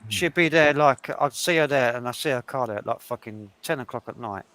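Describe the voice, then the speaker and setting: A man and gigging musician talks bluntly in casual chat, swearing freely. His pitch sits in the middle range. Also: a little fast, fairly bright tone.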